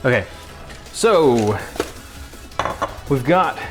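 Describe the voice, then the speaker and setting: Goofy male cooking-stream host, unhurried and jokey, faint music under a home-kitchen mic. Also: medium pitch, expressive. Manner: goofy, jokey, talks to chat and pets while cooking. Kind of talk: casual cooking livestream chat.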